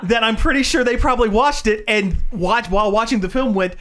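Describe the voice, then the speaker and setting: A podcast co-host telling an animated story in casual chat, laughing often. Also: medium pitch, a little fast.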